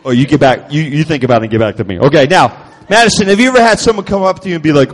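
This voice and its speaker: A man giving a playful, call-and-response children's sermon at a church youth night, teasing and animated. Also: medium pitch, very fast. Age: adult. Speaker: children's minister. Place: church youth event hall. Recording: echoey hall reverb.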